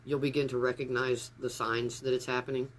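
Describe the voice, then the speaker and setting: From an upstairs room at home, a man chats casually on a livestream from his phone, rambling and straying off topic easily. His mid-range voice is brisk with little pitch movement, and slight background noise can be heard.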